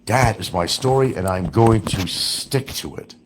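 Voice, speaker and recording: A man's voice: lowish voice, lively intonation, a little slow, a little hiss or hum. A middle-aged man livestreaming, telling rambling, crude and profane stories about his past.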